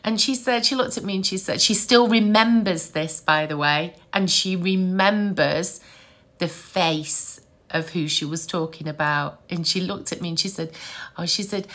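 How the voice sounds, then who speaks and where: Bright chatty middle-aged woman. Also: on the low side, moderate pace. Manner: chatty, animated, laughs often. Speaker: psychic medium. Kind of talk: casual storytelling to camera.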